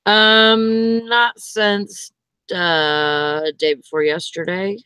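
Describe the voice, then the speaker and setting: A woman's voice: mid-range voice, level tone, very slow, pushed and bright, clear, resonant tone, dry recording. A woman hosting a casual livestream, chatting in a rambling, easygoing way with plenty of fillers. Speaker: livestream host. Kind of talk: casual chat.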